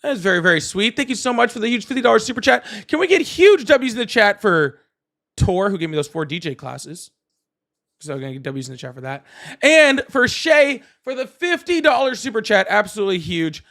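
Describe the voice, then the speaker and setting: A high, bright male voice that swings widely in pitch. He hosts a live stream in a loose, excitable way, laughs easily and keeps thanking his viewers. The sound is close and direct. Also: a little fast. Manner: excitable, laughs often, thanks donors at length. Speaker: host of live political call-in stream. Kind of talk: casual live-stream chat.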